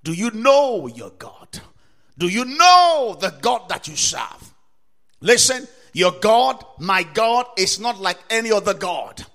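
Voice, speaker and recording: A man preaching a sermon to listeners, asking rhetorical questions again and again, citing scripture verses and building up to emphatic shouts. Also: high-pitched, sing-song, slow pace. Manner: quotes and cites scripture verses. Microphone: recorded for broadcast to listeners or viewers.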